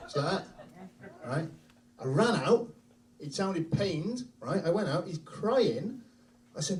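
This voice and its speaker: Brash stand-up man, animated. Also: a little high, moderate pace, slight background noise. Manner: brash, profane, animated storytelling. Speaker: stand-up comedian. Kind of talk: stand-up comedy set. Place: comedy club stage. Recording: voice from a distance.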